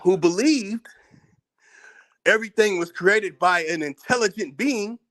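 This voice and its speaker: Combative high-voiced American man ranting. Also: unhurried, a bit bright. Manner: combative, profane, repeats words when worked up. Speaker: channel host. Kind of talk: heated commentary rant.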